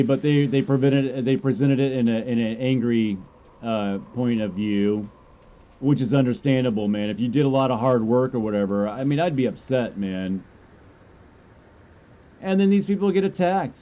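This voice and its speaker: A man's voice: medium pitch, dark tone. A man ranting about a game update, rambling and stammering in frustration. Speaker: gamer commentator. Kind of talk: ranting commentary.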